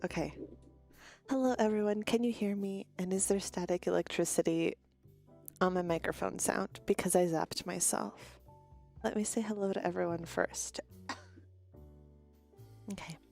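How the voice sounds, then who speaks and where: A woman's voice: medium pitch, normal speed, creaky, long pauses, a little mellow, faint music behind. A woman streamer chatting casually with her viewers, greeting them one by one and sometimes losing her train of thought. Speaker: virtual streamer.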